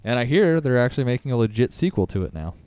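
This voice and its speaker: A man's voice: mid-range voice, sing-song, fast, a little mellow, clear, resonant tone, dry recording. A man co-hosting a podcast, chatting loosely with lots of filler words and swearing. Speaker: podcast co-host. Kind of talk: casual chat about movies.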